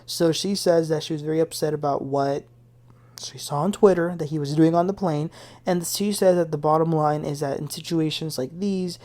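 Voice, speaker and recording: A woman's voice: deep voice, fairly even intonation, normal speed, dark tone. A woman hosting a casual reality TV recap, talking in a blunt, opinionated, gossipy way. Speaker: TV recap host.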